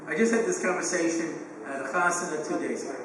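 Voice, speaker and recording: Rabbi guy in his 50s giving a talk, bright high voice, jokey, big echoey hall, mic far off. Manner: animated, joking storyteller with quick asides. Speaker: rabbi and speaker on education. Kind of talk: lecture to parents. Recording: echoey hall, distant mic, faint hum.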